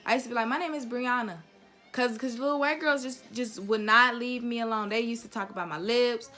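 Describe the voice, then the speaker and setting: A young woman talks straight to her audience in a heated, unfiltered rant. Her voice sits slightly high and sounds bright and forceful, and she lands every point bluntly with plenty of profanity. Soft music plays faintly behind her. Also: a little fast. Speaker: vlogger. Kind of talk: heated opinion rant to camera.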